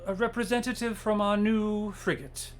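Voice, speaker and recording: Man playing an imperious old matriarch, formal, slow, raised pitch. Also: fairly even intonation, slight background noise, lightly acted. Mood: commanding. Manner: commanding, measured, formal. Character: imperious old human matriarch, about eighty-five.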